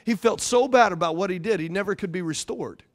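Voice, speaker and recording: A man pastor preaching a sermon in a conversational, animated way, often repeating his phrases. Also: high-pitched, a little fast.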